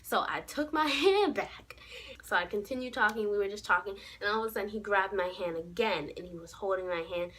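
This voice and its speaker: A young woman tells a story straight to her viewers, sassy and animated. Her voice sits at an ordinary middle pitch, with a faint hum of room ambience behind her. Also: a little fast. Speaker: vlogger. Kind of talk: casual story time.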